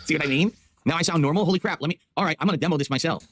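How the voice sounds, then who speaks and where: A man's voice: a little high, racing, background noise. A man streaming live, tinkering with his mic settings and defending how his voice sounds. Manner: fussing over audio settings, defensive. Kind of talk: casual livestream chat. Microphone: XLR streaming mic.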